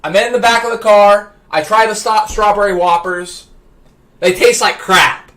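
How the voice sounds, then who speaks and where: A man with a high, tense and bright voice tells a story on his live stream. He gets excited, trips over his own words, and climbs toward shouting as the story builds. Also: a little slow. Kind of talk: animated anecdote telling.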